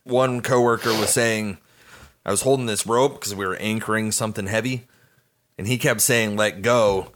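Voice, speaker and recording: A man co-hosting a casual podcast, telling work stories with animated reactions. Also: on the low side, normal speed. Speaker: podcast co-host. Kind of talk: casual chat.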